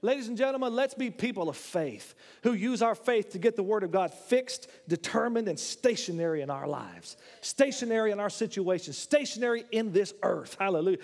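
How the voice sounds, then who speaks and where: A man delivers a sermon with emphatic, impassioned force, his voice sitting notably high. The sound carries a long reverb tail from a large church hall around him. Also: expressive, normal speed, a little mellow. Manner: emphatic, rising to impassioned declarations with jokes. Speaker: preacher.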